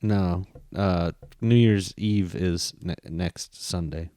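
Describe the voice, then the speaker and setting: A man's voice: low-pitched, slow, mellow. A man co-hosting a casual chat show, laid-back and making dry quips. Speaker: podcast co-host.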